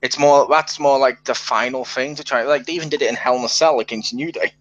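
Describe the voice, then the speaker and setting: A man's voice: mid-range voice, fairly even intonation, a little fast, fairly bright tone, lo-fi sound. A man co-hosting a casual podcast, giving blunt, joking opinions on wrestling matches. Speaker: podcast co-host.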